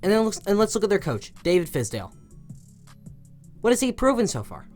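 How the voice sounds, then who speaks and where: A young man talks fairly quickly with big pitch swings, ranting as a sports commentator in a passionate, exasperated way. He veers between loud outbursts and low muttering. Faint music sits behind him.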